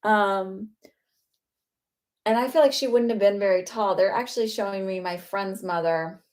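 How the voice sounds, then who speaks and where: A woman doing a live psychic medium reading, chatty and halting, with frequent fillers and laughter. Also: mid-range voice, a little mellow.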